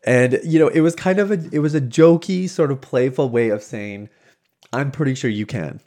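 Male podcast host, animated storyteller, mid-range pitch, restarts a lot, laughs easily. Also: moderate pace. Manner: animated, acts out quoted voices, laughs easily; frequent restarts and filler words. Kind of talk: casual storytelling monologue.

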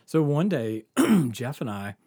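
A man's voice: mid-range voice, slow, breathy edge, no echo, clean studio sound. A man casually telling a profane story, laughing and acting out the voices of the people in it. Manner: animated, laughing, acts out others' lines.

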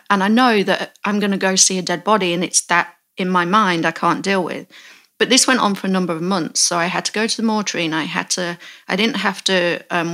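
A woman in her forties hosting a podcast, telling a story in a candid, halting way and often restarting her sentences. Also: lowish voice, bright, forceful tone. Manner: candid, halting, self-correcting. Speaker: podcast host. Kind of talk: storytelling in casual chat.

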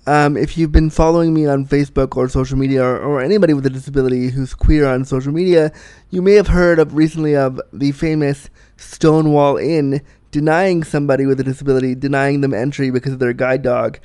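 A man's voice: mid-range voice, fairly even intonation, fairly quick, a little mellow, clean tone, no room sound. A man hosting his own vlog, talking in a chatty, enthusiastic way with frequent restarts. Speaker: vlog host. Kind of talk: casual personal monologue.

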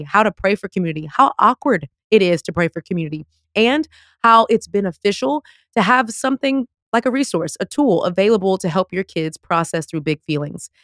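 A woman hosting a podcast in casual chat, excitable and emphatic, with slangy Southern-leaning phrasing. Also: lowish voice, no echo, clean studio sound. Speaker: podcast host.

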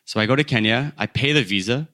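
A man in his thirties from the United States, a podcast guest telling stories in an animated way and laughing at his own stories. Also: mid-range voice, quick pace, no echo, studio quality. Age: 30s. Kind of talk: casual storytelling.

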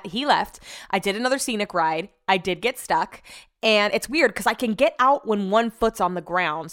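A young adult woman talking casually to her followers, telling an animated story with swearing and acted-out dialogue. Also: on the low side. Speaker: vlogger.

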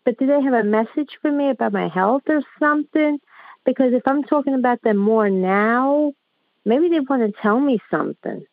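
A woman's voice: high voice, normal speed, no room sound. Woman calling into a radio show, rambly and hesitant, lots of ums, tinny phone line, dry. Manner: rambling, hesitant, many fillers and restarts. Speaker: caller. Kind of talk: phone-in conversation.

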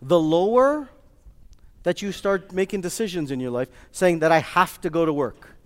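A man giving a lively motivational talk to a live audience, joking and quizzing the crowd. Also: on the high side, brisk, clean tone. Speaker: speaker addressing a live audience. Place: large hall with an audience. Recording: long hall reverb.

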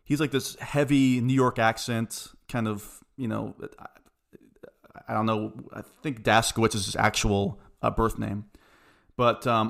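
A man's voice: fairly low pitch, vocal fry. Man hosting a casual film chat. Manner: relaxed storyteller, reads quotes aloud. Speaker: podcast host.

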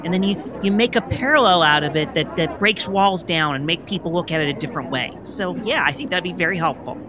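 A man playing an earnest, halting applicant in an improvised comedy sketch. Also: fairly high pitch, crowd noise. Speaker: podcast guest.

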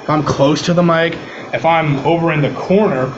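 A man's voice: fairly high pitch, moderate pace, dull audio, noisy background. Chatty man explaining microphones. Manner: relaxed, chatty, lots of fillers like "you know" and "um". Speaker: podcast audio producer, guest. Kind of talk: casual explanatory chat, demonstrating microphones. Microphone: switching between webcam mic and USB condenser over a video call.

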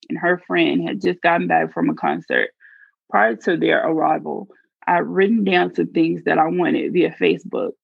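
A woman's voice: fairly low pitch, creaky, husky, no echo, phone-quality sound. A woman earnestly narrating her own life story in a first-person reading. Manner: earnest, confessional.

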